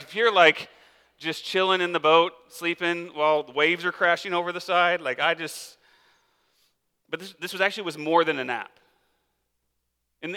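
A man gives a sermon in a relaxed, chatty way, his voice bright and forward and a bit higher than most. It rings out with a long echo in a large church hall. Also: smooth. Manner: casual, conversational preaching with many fillers. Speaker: pastor.

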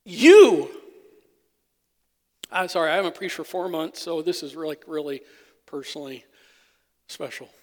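A man preaching a sermon as pastor, emphatic, swinging between loud peaks and soft asides. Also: a little high, expressive, measured pace, pauses often. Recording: long hall reverb.

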